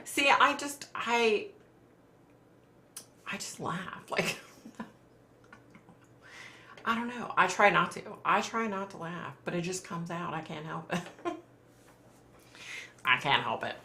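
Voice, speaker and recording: A middle-aged woman hosts a casual live chat, laughing easily and reading comments as she goes. Her voice sits low with a gravelly edge but sounds bright and forward. The room around her is echoey. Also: expressive, slow pace, long pauses. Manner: chatty, laughs often, reads viewer comments aloud. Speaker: livestream host.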